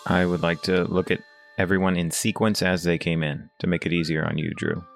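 A man's voice: deep voice, little pitch movement, fairly quick, vocal fry, faint music behind. A man playing a tabletop game, speaking in a friendly, eager way. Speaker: player. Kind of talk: casual tabletop chat.

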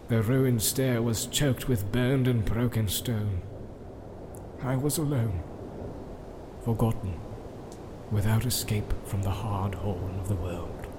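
Gandalf, ein Mann spricht den alten Zauberer. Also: male voice, medium pitch, noisy background, lightly acted. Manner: solemn, measured, chanting verse. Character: ancient wise male wizard, grave and solemn. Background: film score music.

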